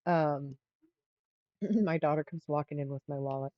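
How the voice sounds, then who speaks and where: A woman's voice: deep voice, normal speed, no room sound, lo-fi sound. A middle-aged woman hosting a livestream, telling a rambling story in casual chat with frequent restarts. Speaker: livestream host.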